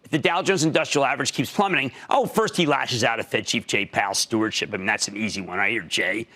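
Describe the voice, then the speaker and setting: A man hosting a TV financial commentary show, delivering an emphatic monologue with sudden loud jumps. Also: medium pitch. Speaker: TV market commentator. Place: TV studio.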